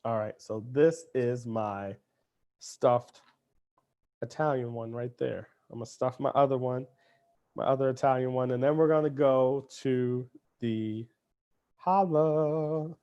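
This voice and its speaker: A man leads a live kids cooking lesson in an upbeat, chatty way. He talks straight to the children and their parents. His voice sits at an ordinary middle pitch for a man. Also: a little slow, darkish tone, highs cut off. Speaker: cooking show host.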